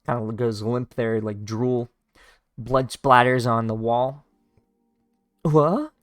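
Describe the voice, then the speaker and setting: A man casually reading a comic aloud, describing the panels in an informal, halting way with many fillers. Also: mid-range voice, level tone, clean tone, no room sound, clean studio sound, faint music behind. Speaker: read-along narrator. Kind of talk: casual read-along of a comic.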